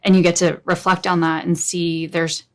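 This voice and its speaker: A woman from the United States speaking as an interview guest in a thoughtful, measured way. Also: lowish voice, flat delivery. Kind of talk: casual interview talk.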